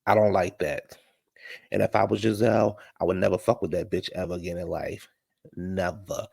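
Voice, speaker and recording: A man's voice: low voice, steady tone, normal speed, vocal fry, a little mellow, husky, no room sound. A man recapping a reality show in casual, blunt, profane commentary.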